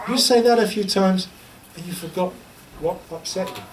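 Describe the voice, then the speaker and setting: A man's voice: sits high, normal speed. A man giving an informal religious teaching talk in a lecture room, chatty and humorous, telling stories and repeating a chant. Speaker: Islamic teacher. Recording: distant mic with faint background noise.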